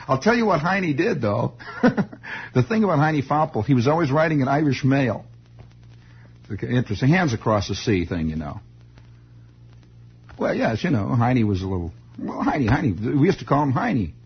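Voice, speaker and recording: A man's voice: mid-range voice, husky. A man telling a rambling comic story, full of digressions and teasing asides to the listener. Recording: dull lo-fi recording.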